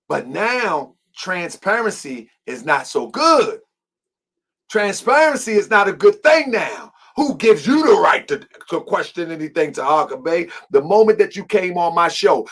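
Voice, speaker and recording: A man hosting a heated commentary, repeating his points emphatically and confrontationally. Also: high voice. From Baltimore, US. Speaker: host.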